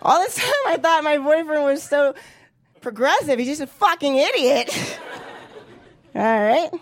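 High-voiced woman comic in her thirties, blunt. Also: lively intonation, measured pace. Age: 30s. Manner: blunt, profane, punchy delivery. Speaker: stand-up comedian. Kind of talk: stand-up comedy set.

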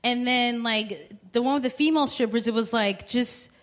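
A woman's voice: on the high side, normal speed, fairly bright tone. A woman in her thirties hosting a comedy show, telling a story in chatty banter full of "like". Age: 30s. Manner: chatty, heavy use of "like".

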